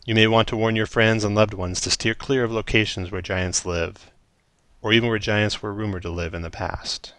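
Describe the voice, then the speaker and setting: A man voicing an enormous male storm giant, contemplative and commanding, with a booming voice and a grave, solemn way of speaking. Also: steady tone, normal speed, a bit bright, no room sound, natural voice. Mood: grave warning.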